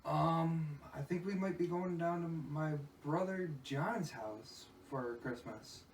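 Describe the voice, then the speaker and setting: A man guests on a podcast and drops teasing one-liners. His voice is a little high and sounds distant in an echoey room, with faint noise behind him. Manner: teasing, quick quips. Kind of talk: casual chat.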